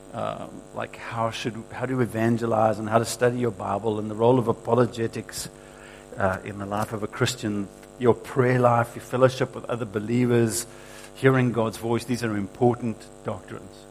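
A man's voice: lowish voice, steady tone, moderate pace, vocal fry, low-quality recording. Emphatic male preacher, faint hum. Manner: emphatic, quoting scripture with rising force. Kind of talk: sermon.

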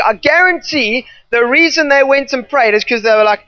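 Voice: medium pitch, brisk, no echo. An emphatic preacher delivering a sermon, leaning on repetition and drifting into off-the-cuff asides. The recording is dry, with no room sound, and slightly dull and muffled in tone.

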